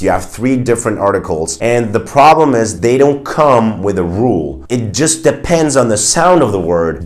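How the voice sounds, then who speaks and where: Lower-voiced man with a German accent. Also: a little mellow. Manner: clear, patient explaining with spoken examples. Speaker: language teacher. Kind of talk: explanatory language lesson.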